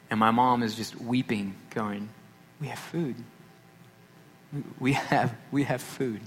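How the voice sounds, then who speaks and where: A man from Texas preaching a sermon, mixing stories with self-deprecating asides in a relaxed, conversational way. His mid-range voice carries a long hall reverb, with a faint background hiss. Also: mid-range voice. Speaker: pastor.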